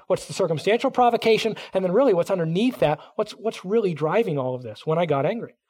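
A middle-aged man preaching a sermon, animated, acting out quoted voices as he teaches. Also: sits high, quick pace. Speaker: pastor.

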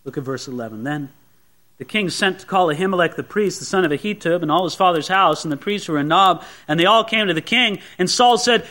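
A man preaching a sermon, teaching through a Bible passage in an animated way and acting out the characters' lines. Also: high voice, fast. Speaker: pastor.

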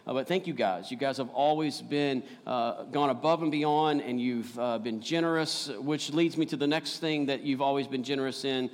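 A man's voice: medium pitch, moderate pace, few pauses. A man preaching a sermon as pastor, earnest and full of "uh" fillers, building to emphatic points. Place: church sanctuary. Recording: long reverb of a large hall.

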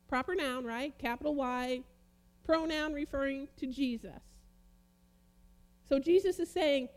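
High-pitched woman preacher, emphatic sermon delivery with dramatic pauses. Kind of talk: sermon, reading and comparing Bible translations.

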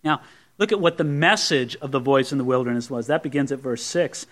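A man's voice: medium pitch, a little fast, fairly bright tone. A man preaching a sermon, teaching through a Bible passage verse by verse with conversational asides to the congregation. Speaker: pastor.

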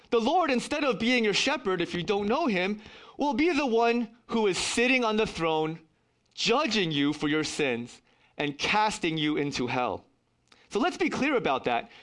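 Male pastor, middle-aged, high and animated voice, earnest sermon delivery with dry humor. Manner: earnest, emphatic preaching with wry asides.

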